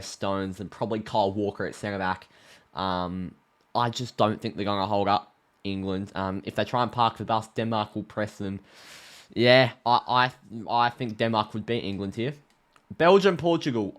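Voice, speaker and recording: An Australian man talks casually through his football predictions. He gets excited easily and fills his speech with ums and quick restarts. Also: mid-range voice. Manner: excitable, many fillers and restarts. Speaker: football video creator.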